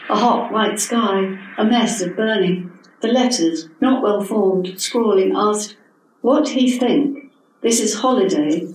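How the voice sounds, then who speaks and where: A woman in her seventies reads her own prose, measured and expressive, at an even middle pitch. The sound is distant and heavily echoed, as from across a hall. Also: slight background noise. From England. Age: 70s. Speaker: author reading her own story. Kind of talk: literary reading. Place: literary event hall.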